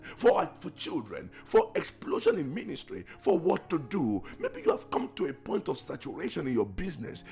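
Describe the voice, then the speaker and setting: Gravelly, fervent male preacher praying. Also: on the high side. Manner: impassioned, repetitive pleading, bursts into tongues. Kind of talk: fervent prayer and prophetic exhortation.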